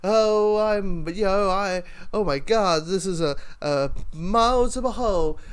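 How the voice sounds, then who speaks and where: A man voicing an excitable American man with an American accent, who stammers and exclaims in breathless bursts. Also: high-pitched, takes it slowly, clean tone, voice pushed up. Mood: astonished.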